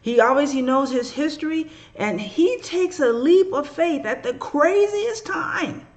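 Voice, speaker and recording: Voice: high voice, lively intonation, unhurried. A spiritual reader and podcaster giving a casual, emotional teaching monologue and acting out biblical figures in slangy voices.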